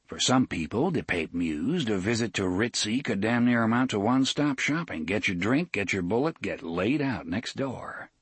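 A man narrating a story in an expressive storytelling manner. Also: lowish voice, moderate pace, few pauses, husky, dry recording. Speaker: audiobook narrator. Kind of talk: scripted narration.

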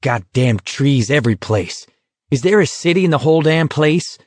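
A man's voice: fairly high pitch, animated, moderate pace, no room sound, pitched above the performer's own voice. A man reading aloud, voicing a big insolent young tough who talks in a crude, sneering, profane way.

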